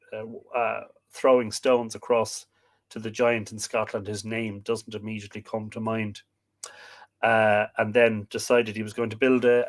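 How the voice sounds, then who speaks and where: Irish guy hosting a myth stream, slow grand verse reading then rambly chat, medium pitch. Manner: chatty, hesitant asides with fillers. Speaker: host. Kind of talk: livestream reading and commentary.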